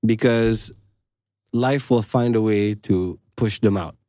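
A man's voice: on the low side, slow, mellow, no echo, studio quality. A man who is a rapper, chatting casually as a podcast guest in a laid-back, easygoing way.

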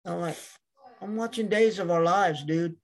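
Gravelly man telling rambling stories. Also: high-pitched, moderate pace. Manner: rambling storyteller, acts out quotes. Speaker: podcast guest. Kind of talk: casual chat.

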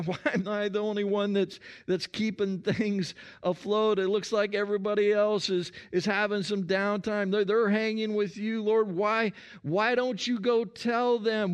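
A man's voice: high-pitched, clear, resonant tone, pitched above the performer's own voice. A man putting on Martha, exasperated and pleading. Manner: exasperated, pleading, rising questions. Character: frustrated overworked woman complaining to the Lord. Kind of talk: sermon.

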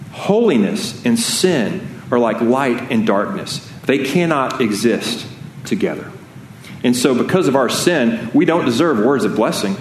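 A man preaching a sermon as pastor, earnest and conversational, often restarting his sentences. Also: medium pitch. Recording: echoey room with faint noise.

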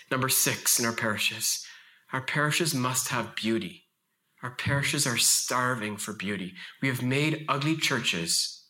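A man in his thirties giving an impassioned, emphatic talk at a faith conference, telling stories with lively vocal shifts. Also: a little high. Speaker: conference speaker.

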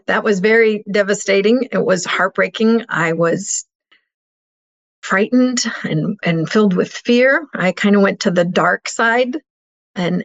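A middle-aged woman recounts her story with heartfelt earnestness, taking her time over every phrase. Her voice sits at an ordinary pitch. The recording is somewhat dull and lo-fi. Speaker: guest. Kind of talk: personal storytelling interview.

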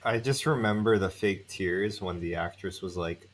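A man's voice: low-pitched, moderate pace, slight background noise. A man co-hosting a podcast, adding short remarks in casual chat about a film. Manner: brief agreeing interjections. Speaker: podcast co-host.

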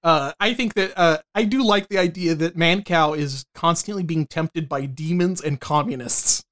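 A man co-hosting a comedy podcast, trading deadpan quips with hesitant fillers. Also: on the high side, normal speed. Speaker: podcast co-host. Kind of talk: casual comedy chat.

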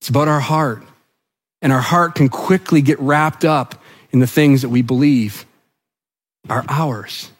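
A man's voice: medium pitch, a little slow, pauses often. A man from New Brunswick, Canada, preaching a sermon as pastor, telling the story vividly and acting out the quotes. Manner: animated storytelling preacher, acts out quotes, drops to soft emphasis.

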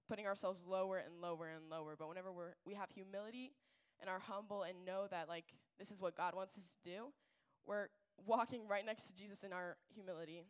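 A young woman giving a casual faith talk to a group, chatty and animated, full of fillers and asides. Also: mid-range voice. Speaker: youth speaker.

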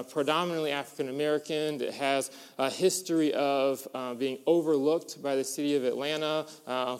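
Male pastor, fairly high and resonant voice, animated storytelling sermon in a reverberant hall. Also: clear, resonant tone. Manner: animated storyteller, builds to excited peaks.

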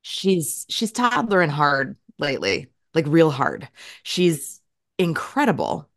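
A woman in her thirties co-hosting a podcast, chatting casually and telling stories in a lively, animated way. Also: low-pitched, takes it slowly, no room sound, studio quality. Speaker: podcast co-host. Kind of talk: casual chat.

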